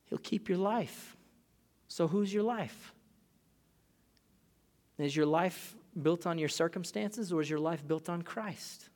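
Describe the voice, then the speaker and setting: A man in his thirties preaches with a slightly high voice, loose and conversational, acting out small scenes. His words ring out with a long reverb in a church sanctuary. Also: slow pace, pauses often. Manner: animated, conversational preaching with acted-out asides. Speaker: pastor. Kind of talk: sermon.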